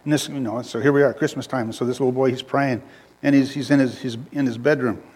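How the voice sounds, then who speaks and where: A man's voice: mid-range voice, fairly even intonation, fast talker, darkish tone, husky. A male preacher giving a sermon in a conversational style, repeating phrases and joking with the congregation. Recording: long reverb of a hall.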